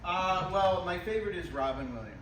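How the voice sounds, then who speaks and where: A man's voice: high voice, expressive, fairly quick. A man speaking as a guest on a live comedy talk show, laid-back and mumbly, full of fillers. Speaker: guest, improv theater co-owner. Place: comedy club stage. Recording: roomy, far mic, noisy.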